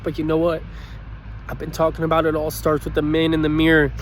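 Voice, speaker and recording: A man's voice: fairly high pitch, completely flat delivery, brisk, slight background noise. A man giving a heartfelt motivational talk in an earnest, pleading way, choked up with emotion. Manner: earnest, pleading, repeats his points. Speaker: motivational speaker.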